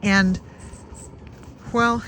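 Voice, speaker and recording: Rambling backyard vlogger, mid-pitched voice, chatty and digressive, steady outdoor noise behind. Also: extremely slow, rough recording. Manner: chatty, digressive, with many restarts and asides. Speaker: backyard bird-watching vlogger. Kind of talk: casual rambling storytelling.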